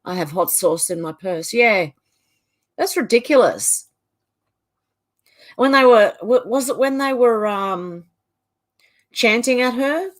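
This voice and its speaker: A woman's voice: on the high side, animated, takes it slowly, pauses often. A middle-aged woman with an Australian accent hosting a livestream, chatting casually as she reads out viewer comments and often trails off mid-sentence. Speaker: livestream host. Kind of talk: casual chat reading out live comments.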